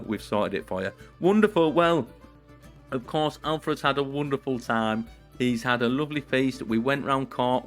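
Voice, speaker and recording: A man giving comedic role-play commentary on a strategy game, playful and theatrical, chatting to his viewers. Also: fairly low pitch. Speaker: gaming YouTuber.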